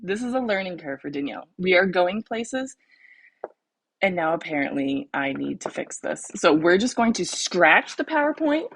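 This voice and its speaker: Chatty husky Southern woman host. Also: fairly low pitch, fairly bright tone, no room sound. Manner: chatty, laughing, self-deprecating. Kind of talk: casual livestream chat.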